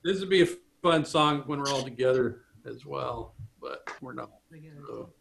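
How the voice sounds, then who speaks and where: A man's voice: mid-range voice, normal speed, gravelly, very noisy. A man leading a ukulele group over a video call, chatting casually and explaining his strumming as he plays. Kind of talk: casual chat and strumming instruction. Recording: echoey room with loud ukulele. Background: ukulele playing.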